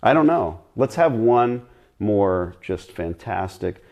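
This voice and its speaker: A man's voice: lowish voice, expressive, slow, darkish tone, lo-fi sound. A middle-aged man chatting bluntly and ramblingly as a guest on a live stream Q&A.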